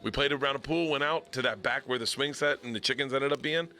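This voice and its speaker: A man's voice: mid-range voice, fast, pushed and bright, soft background music. A middle-aged man telling a story in a casual podcast chat, swearing freely and acting out the quotes. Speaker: comedian podcast guest.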